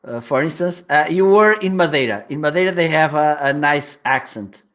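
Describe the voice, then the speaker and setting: A man from northern Portugal speaks English with his Portuguese accent. He explains at an easy pace and pauses on frequent fillers. The sound is dull and lo-fi. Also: a little high, fairly bright tone. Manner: hesitant, explaining with many fillers. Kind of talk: casual chat.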